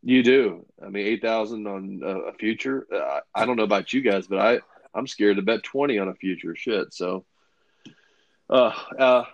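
A low-pitched man hosts a casual sports-betting podcast, talking loosely and swearing freely with lots of "uh"s. The recording is dry and a bit dull, like a lo-fi home setup. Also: normal speed, no room sound. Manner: loose, profane, filler-heavy. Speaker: podcast host.

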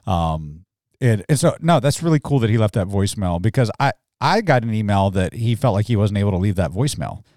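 A man's voice: on the low side, big pitch swings, brisk, a little mellow, no room sound, studio quality. A man from Alabama co-hosting a church podcast, chatting casually and joking, with many fillers and restarts. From Mobile, Alabama. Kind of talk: casual chat.

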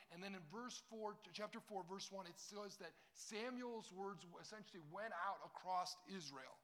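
Bright-voiced preacher man. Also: high-pitched. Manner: jokey, talks straight to a young crowd. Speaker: pastor. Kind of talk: sermon.

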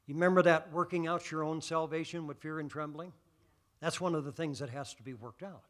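A male pastor preaching a sermon, quoting scripture slowly and building from calm teaching to loud, fervent exhortation. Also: fairly high pitch. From United States. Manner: quotes scripture in slow measured phrases.

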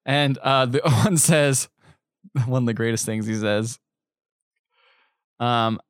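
A man's voice: mid-range voice, slow, pauses often, clean tone, dry recording, studio quality. A man co-hosting a podcast, casually recapping a movie and acting out the characters' lines in mock voices. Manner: animated storytelling, quoting characters in mock voices. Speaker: podcast co-host.

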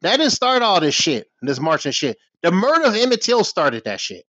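A man's voice: high-pitched, wildly swooping pitch, normal speed, a bit bright, no room sound. Heated American man, foul-mouthed vlog rant, dull dry lo-fi sound. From United States. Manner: angry, profane, heated ranting. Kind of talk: ranting vlog monologue.

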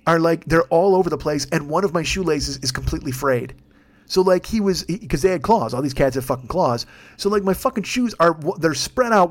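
A man telling a rambling, profane story in a casual, animated way. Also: sits high.

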